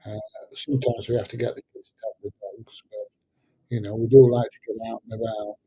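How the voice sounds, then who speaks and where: Middle-aged guy chatting on a livestream, mellow husky voice, lots of uhs and ums. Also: on the low side, flat delivery, a little fast, poor audio. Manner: rambling and hesitant, many fillers. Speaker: livestream host answering chat. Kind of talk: casual livestream chat.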